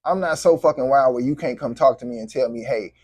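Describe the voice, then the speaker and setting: A man's voice: medium pitch, fast talker, a little mellow, no echo. A man vlogging to camera, venting in a heated, profane, repetitive way.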